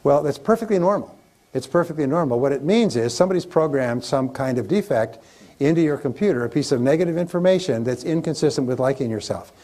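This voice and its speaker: A man's voice: fairly high pitch, animated, fast, dark tone. A man giving a live motivational seminar on sales, speaking emphatically, repeating key phrases and getting the audience to chant them back.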